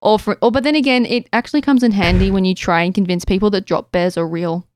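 A woman's voice: medium pitch, fast, a little mellow, dry recording. An Australian woman co-hosting a podcast in playful, giggly chat. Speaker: podcast co-host. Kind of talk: casual chat.

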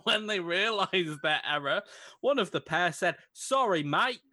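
A man's voice: high-pitched, moderate pace, noisy background. A man co-hosting a comedy podcast, reading a news story aloud and often breaking into giggles. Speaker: podcast co-host.

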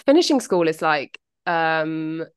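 Well-spoken British woman, low voice. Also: lively intonation, slow pace, clear, resonant tone. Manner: well-spoken, enunciated, occasionally sweary. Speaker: podcast co-host. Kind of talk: casual chat.

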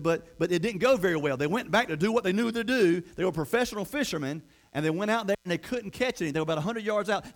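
A man preaching a storytelling sermon, conversational with playful asides and frequent restarts. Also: fairly high pitch.

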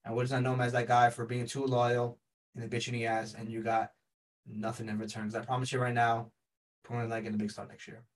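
A man's voice: medium pitch, monotone, fast talker, far from the mic, rough recording. A man co-hosting a casual sports talk, making emphatic, insistent points.

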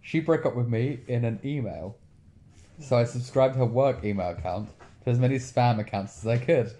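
A man's voice: medium pitch, normal speed, mellow. A man co-hosting a podcast, reading out list entries and chatting, with dry, brief replies. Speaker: podcast co-host.

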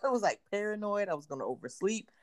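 Clean studio sound with no room ambience carries this woman's medium-pitched, fast-talking voice. In her thirties, she co-hosts a podcast, chatting casually as an animated storyteller who performs the quotes.

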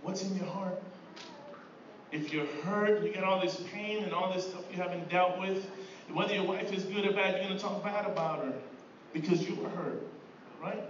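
A middle-aged pastor preaches a sermon to his church in a conversational style, often repeating words and asking "right?". His high-pitched voice keeps fairly even intonation at a moderate pace. A distant, echoey room mic in the sanctuary gives dull audio with background noise.

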